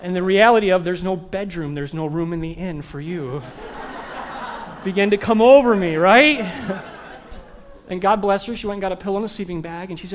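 Young guy pastor, highish voice, goofy self-mocking christmas travel story. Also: a little fast, some chatter behind. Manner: animated, self-mocking humor. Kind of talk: storytelling sermon.

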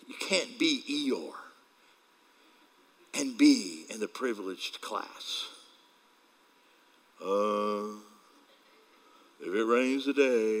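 A man's voice: lowish voice, drawn-out words, long pauses, poor audio. A male pastor preaching a casual sermon, telling stories with acted quotes and laughing along as he talks.

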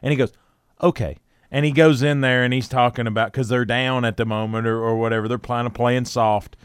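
A man co-hosting a sports talk show, retelling a story in a lively way with laughs and acted-out quotes. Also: medium pitch, clean tone, no room sound, clean studio sound. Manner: animated retelling, laughing, with quick quoted voices. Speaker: sports radio co-host.

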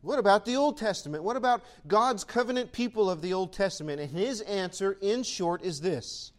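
A man preaching a sermon with a high, lively voice that swoops up and down. He talks to his church in an animated, conversational way and now and then acts out imagined voices. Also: moderate pace. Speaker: pastor.

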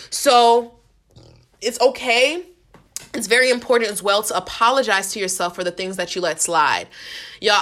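A woman's voice: mid-range voice, a bit bright. A woman hosting a faith-based podcast in casual, earnest talk, using slang, repeating herself and speaking straight to her listeners. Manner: earnest, repetitive, slangy, addresses listeners directly. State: getting emotional. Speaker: podcast host.

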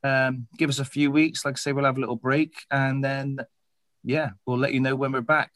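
A man's voice: medium pitch, flat delivery, moderate pace, fairly bright tone, dry recording. Laid-back man hosting a podcast. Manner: laid-back, rambling, wrapping up the episode. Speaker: podcast host. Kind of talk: casual podcast chat.

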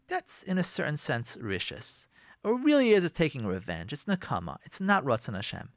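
A man hosting a radio show, giving marriage advice in an animated way and acting out arguing spouses. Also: medium pitch, brisk, no room sound, clean studio sound. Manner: lively, acts out quoted spouses in raised voice.

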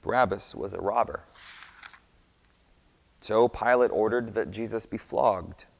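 A man narrating a scripture story in a measured, expressive reading. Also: fairly low pitch, creaky. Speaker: scripture reader. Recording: long hall reverb.

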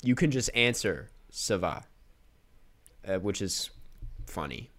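A man's voice: on the low side, very animated, moderate pace, fairly bright tone. A man co-hosting a podcast, chatting casually, laughing often and using many fillers. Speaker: podcast co-host. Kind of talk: casual chat.

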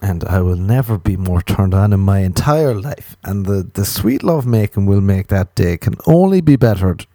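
A man, a stand-up comedian, spinning a rambling, absurd comic monologue to his listeners, with sudden jumps into squeaky outbursts. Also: animated, moderate pace, few pauses, mellow, no room sound, studio quality.

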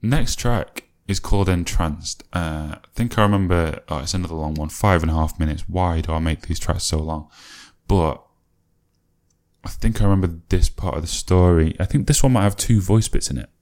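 A man's voice: low voice, normal speed, a little mellow. A man, a musician casually reflecting on his own old music, rambling and musing with many fillers and self-corrections.

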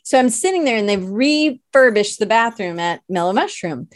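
Expressive and on the high side, this woman talks at a moderate pace with few pauses, captured dry at studio quality. She hosts a podcast and teaches illustration, and her casual talk is rambling, playful, self-deprecating, and packed with "like."

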